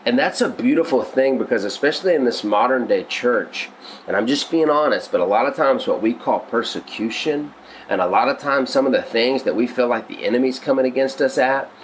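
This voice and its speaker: A man's voice: mid-range voice, brisk, slight background noise, rough recording. A male pastor teaching on a devotional podcast, earnest and conversational, often restarting his sentences.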